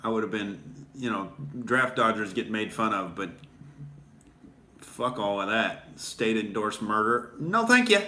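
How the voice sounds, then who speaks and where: A man's voice: fairly low pitch, fairly even intonation, unhurried, sharp tone, roomy sound, slight background noise. A male comedian hosting a sarcastic comedy rant, mocking and swearing freely. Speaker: comedian host.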